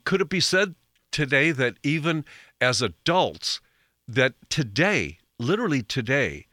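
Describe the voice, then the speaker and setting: A man's voice: medium pitch, bright, forceful tone, dry recording, studio quality. A man giving a folksy, rambling talk show monologue as host. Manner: folksy, rambling, self-correcting.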